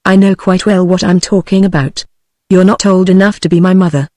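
A computer-generated woman's voice with a British English accent reading the lines of a soft, insistent young farmhand in an audiobook. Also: lowish voice, fairly even intonation, a little fast, no room sound, clean studio sound, close to an everyday voice. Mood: softly insistent. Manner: softly insistent, repeating himself.

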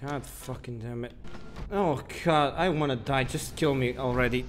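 A man's voice: mid-range voice, moderate pace, a little hiss or hum. A young man giving casual commentary while playing a game, grumbling, swearing and mocking himself. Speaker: gaming channel host.

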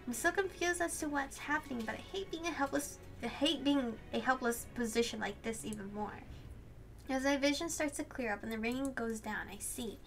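A woman reading a visual novel aloud and reacting in an excitable, gushing way, swearing and laughing at the story. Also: fairly high pitch. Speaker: let's play host.

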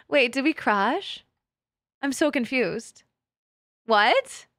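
A woman streaming a game, chatting with her audience in a giggly, excitable way full of crude jokes. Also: high voice, dry recording, clean studio sound. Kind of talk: casual live-stream chat.

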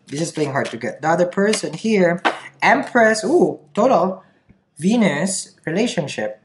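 A woman's voice: lowish voice, animated, measured pace, noisy background. A woman reading tarot cards for her viewers in a chatty, playful way, often laughing between remarks. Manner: chatty, giggly, playful asides. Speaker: tarot reader. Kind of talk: casual tarot reading vlog.

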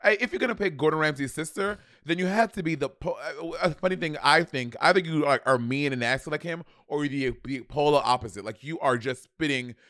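A man's voice: a little high, fairly quick, few pauses, a bit bright, no echo, studio quality. A man co-hosting a casual podcast review of a TV show, blunt and salty, laughing often. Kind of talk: casual chat.

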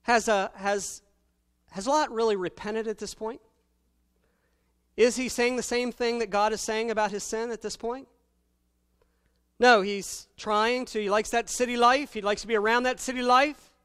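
A male pastor preaching with a fairly high and smooth voice. His delivery swings between loud, emphatic calls and hushed, lower-pitched asides. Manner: preaching with sudden loud emphatic swells and quiet low asides. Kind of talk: sermon.

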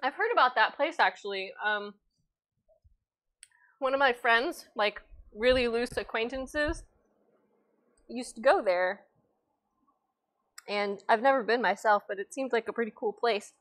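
A woman's voice: fairly high pitch, a little slow, pauses often, a bit bright. A woman hosting a casual cooking livestream, chatting and reading viewer comments aloud while she cooks, recorded on a lavalier microphone in a home kitchen.

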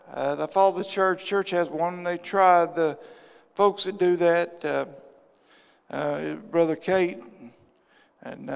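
A man, a pastor preaching a sermon with passion, swinging from loud bursts to hushed asides, in a church sanctuary. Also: sits high, creaky, clean tone. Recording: long church hall reverb.

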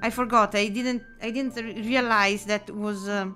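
A woman's voice: medium pitch, fairly even intonation, unhurried, pushed and bright, soft background music. A woman with an Italian accent chatting casually with her audience while drawing live, giggly and full of fillers and restarts. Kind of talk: casual live-stream chat.

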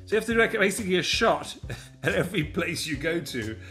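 A man's voice: high voice, sing-song, fast talker, pushed and bright, soft background music. A man co-hosting a casual show, chatting and rambling with fillers. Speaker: podcast co-host. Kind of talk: casual chat.

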